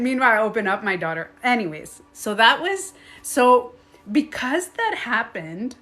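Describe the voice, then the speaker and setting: A woman's voice: a little high, very animated, moderate pace, fairly bright tone. A middle-aged woman hosting a live stream, telling a story casually, laughing often and acting out her own reactions.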